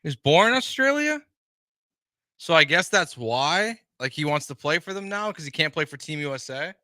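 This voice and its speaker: A man's voice: on the high side, a little fast, sharp tone, no echo. A man co-hosting a sports talk radio show in a studio, with dry, joking remarks.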